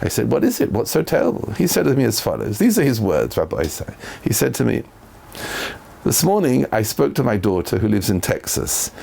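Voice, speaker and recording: A gravelly-voiced man gives a Torah lecture. He speaks quickly and with a lively, swooping pitch. He acts out the people in his stories. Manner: animated storyteller, acting out quoted voices with big pitch jumps. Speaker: rabbi.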